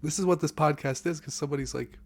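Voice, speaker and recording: Playful man with a gravelly voice. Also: on the high side, quick pace. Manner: playful, joking storyteller. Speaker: podcast guest. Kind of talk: casual chat.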